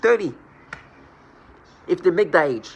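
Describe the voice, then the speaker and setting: A man's voice: sits high, lively intonation, a little slow, creaky, husky, highs cut off. A man rambling through a scornful personal monologue, restarting and repeating words as he goes. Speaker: vlogger.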